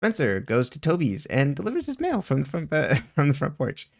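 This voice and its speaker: A man's voice: a little high, wildly swooping pitch, normal speed, gravelly. A man co-hosting a podcast, casually retelling TV episode scenes and quoting the characters with frequent laughs. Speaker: podcast co-host. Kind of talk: casual recap chat.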